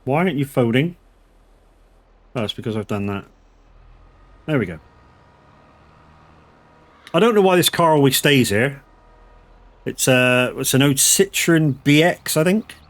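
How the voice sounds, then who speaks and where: This middle-aged gaming streamer rambles through anecdotes as he plays a farming game, cursing freely. He speaks in an expressive, fairly bright mid-range voice at a measured pace, pausing often.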